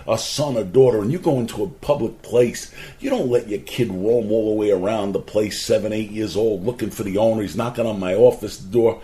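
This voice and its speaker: A man of ordinary pitch tells a story from his own past. His telling is lively and earnest, and he breaks off now and then to offer life lessons. His voice leaps upward whenever he acts out what someone said. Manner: animated storyteller whose voice jumps up sharply when quoting people; earnest, preachy asides about life lessons. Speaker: former garden center owner telling a life story. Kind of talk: personal anecdote monologue.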